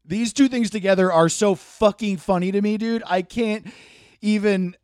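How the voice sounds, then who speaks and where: A man's voice: high-pitched, normal speed, clear, resonant tone, no echo, studio quality. A man hosting a podcast, delivering a comedic rant, swearing freely and laughing at his own points. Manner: profane, animated, laughing asides. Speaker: podcast host. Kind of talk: comedic monologue.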